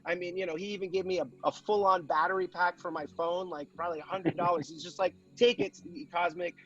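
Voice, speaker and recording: A man's voice: sits high, fairly even intonation, fast, a bit bright, highs cut off, faint music behind. A man hosting a group video call, talking with enthusiasm and rambling restarts. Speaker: host. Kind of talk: casual chat on a video call.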